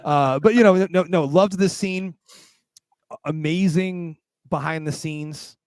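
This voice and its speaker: A man's voice: fairly high pitch, measured pace, darkish tone, no echo. A man hosting a casual film review podcast, talking with enthusiastic, emphatic bursts. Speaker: podcast host.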